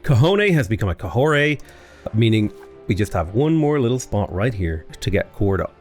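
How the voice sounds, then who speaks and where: A man's voice: on the low side, very animated, normal speed, a little mellow, faint music behind. A man chatting his way through a strategy game as a YouTuber, rambling and breaking off mid-sentence. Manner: chatty, rambling, self-interrupting.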